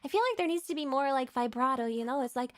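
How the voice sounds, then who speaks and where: Speaking at a quick pace in a high voice, a woman VTuber hosts a casual stream, giggling, greeting viewers, and rambling with lots of fillers and restarts.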